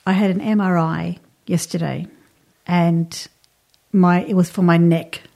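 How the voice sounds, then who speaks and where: A woman's voice: lowish voice, fairly even intonation, unhurried, gravelly, mellow. A woman giving earnest wellbeing and astrology advice, speaking straight to the listener in casual chat.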